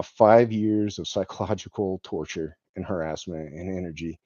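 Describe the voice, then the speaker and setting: In a low, mellow voice, a male vlogger meanders through a story from his own life, saying "like" and "um" a lot and occasionally chuckling. It's captured as a dull, dry, lo-fi recording.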